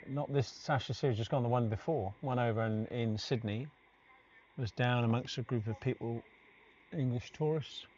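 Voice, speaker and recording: Bloke doing cricket commentary, laid back and chatty, muffled stream sound with a bit of hiss. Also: male voice, medium pitch, moderate pace. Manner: chatty, anecdotal, relaxed. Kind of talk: live sports commentary. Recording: dull lo-fi stream audio with faint noise.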